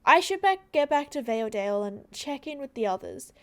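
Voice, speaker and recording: A woman's voice: high voice, sing-song, brisk, a bit bright. A woman voicing a kind, brave young heroine in a game, speaking earnestly. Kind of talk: reading game dialogue aloud.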